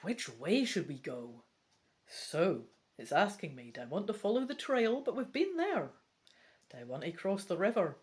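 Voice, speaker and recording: A woman's voice: medium pitch, wildly swooping pitch, moderate pace, a little mellow. A Scottish woman reading a gamebook aloud and commenting on it in a chatty, wry way with casual swearing. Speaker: gamebook reader.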